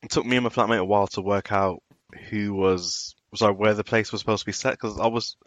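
A man's voice: fairly low pitch, steady tone, brisk, fairly bright tone, dry recording. A man from Birmingham with a light Birmingham accent, co-hosting a podcast in casual chat and laughing easily. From Birmingham, England. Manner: chatty, laughs easily, restarts sentences. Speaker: podcast co-host.

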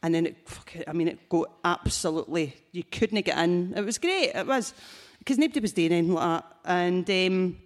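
A Scottish woman telling crude, lively comic stories on stage at a live show. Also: fairly low pitch, a little fast, hardly any pauses. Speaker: comedian guest.

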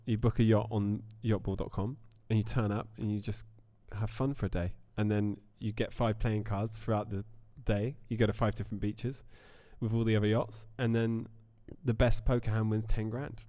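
A man's voice: on the low side, flat delivery, normal speed, hardly any pauses, dark tone. A man explaining his event in a laid-back, offhand way on a podcast. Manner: laid-back, short replies. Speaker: event organiser, co-host. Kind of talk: casual live podcast chat.

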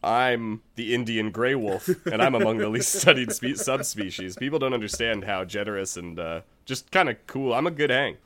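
A man's voice: medium pitch, normal speed, few pauses, fairly bright tone, lightly acted. A man voicing a polite, reasonable male wolf in a comedic storytelling podcast, speaking mildly. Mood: smug.

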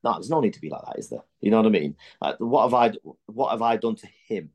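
Speaking quickly with lively intonation and a fairly low pitch, a middle-aged man who used to play football appears as a guest on a podcast. His talk is casual and frank, full of blunt anecdotes, cursing and false starts.

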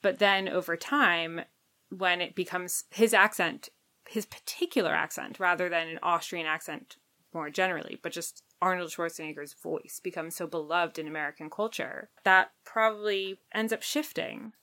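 Thoughtful woman podcast host, lowish voice. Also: moderate pace, pushed and bright. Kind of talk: podcast interview.

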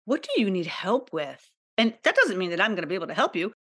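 A woman's voice: mid-range voice, big pitch swings, fast talker, fairly bright tone. Candid, emotional woman podcast host. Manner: candid, emotional, repetitive, confiding. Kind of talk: personal monologue podcast.

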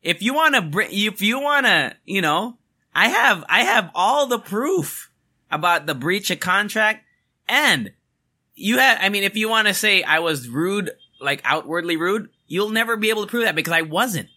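A young man hosting a podcast, venting in an angry, emphatic rant full of swearing. His voice is very bright and sits a little high. It rises and falls widely as he talks. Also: big pitch swings, moderate pace. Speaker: podcast host. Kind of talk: ranting podcast monologue.

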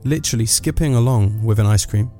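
A man's voice: lowish voice, fast, mellow, soft background music. A man, delivering a sardonic, rambling comic monologue full of asides.

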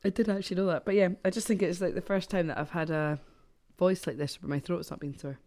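A woman chatting on a podcast while losing her voice to a chesty cough. She is frank and quick to laugh, filling her talk with likes and ums. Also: lowish voice, fairly even intonation, a little mellow. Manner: frank, laughing, lots of fillers. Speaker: podcast co-host. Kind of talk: casual chat.

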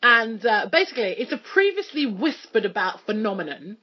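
A woman's voice: fairly high pitch, sing-song, brisk, husky, lo-fi sound. A woman presenting a casual radio chat, joking and chatty with plenty of fillers.

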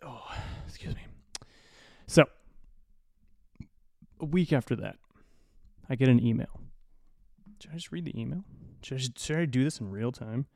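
A man's voice: mid-range voice, normal speed, vocal fry, long pauses, a little mellow, no room sound. A man hosting a podcast, telling a long story in a rambling, profane, self-deprecating way through a studio mic. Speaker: podcast host. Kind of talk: casual storytelling monologue. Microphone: studio mic through an audio interface.

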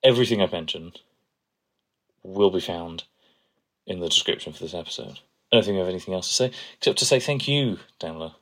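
Co-host, man, very low voice, playful and gushing. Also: expressive, fairly quick, pauses often, a bit bright. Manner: playful, enthusiastic, gushes over quotes. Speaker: podcast co-host. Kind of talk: casual chat.

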